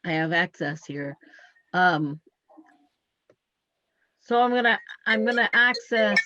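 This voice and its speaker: A woman's voice: medium pitch, animated, takes it slowly, pauses often, pushed and bright, no room sound, dull audio. A woman hosting a live talk show, earnest and explaining by acting out what she tells herself. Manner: earnest, explains by acting out her inner speech.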